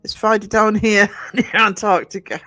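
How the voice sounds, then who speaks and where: A middle-aged man with a soft Northumbrian accent, chatting casually with live viewers, greeting them by name and rambling with many fillers and restarts. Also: high voice, steady tone, normal speed, dry recording, faint music behind. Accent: Northumbrian English. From North East England. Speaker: livestream host.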